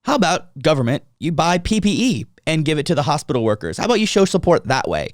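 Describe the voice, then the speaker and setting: A man's voice: fairly high pitch, big pitch swings, fast, no echo, clean studio sound. A young man co-hosting a casual podcast, ranting and swearing, with mocking put-on voices. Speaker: podcast co-host.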